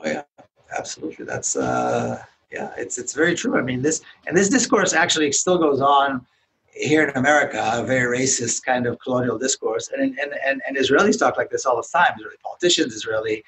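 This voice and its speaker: A man speaking as a podcast guest, earnest and emphatic in a measured way. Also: mid-range voice, very animated, fairly bright tone, a little hiss or hum, rough recording. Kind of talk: interview conversation.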